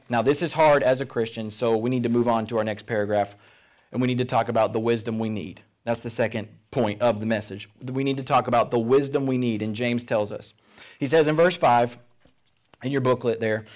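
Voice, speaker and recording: A man preaching a sermon as pastor, earnest and emphatic, often dropping to a quiet, intense tone. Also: medium pitch. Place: church service room.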